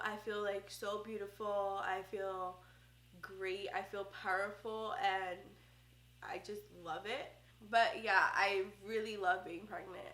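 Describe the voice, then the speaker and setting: A young woman talks straight to a close camera in a loose, heartfelt vlog chat, full of "like" and "um." Her voice is bright and forward. The room around her rings with noticeable echo. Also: mid-range voice. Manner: chatty, heartfelt, many fillers like "like" and "um". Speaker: vlogger, first-time mom. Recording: roomy echo.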